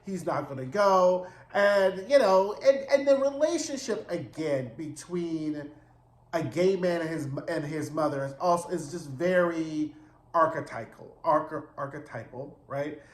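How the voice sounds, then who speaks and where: A high-pitched man recaps a TV episode in a loose, gossipy way, with dramatic asides, plenty of "right?" and casual swearing. His voice bounces around a roomy, echoey space. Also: lively intonation, a little slow. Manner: chatty, dramatic retelling with frequent "right?" and swearing. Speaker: TV recap host. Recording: roomy echo.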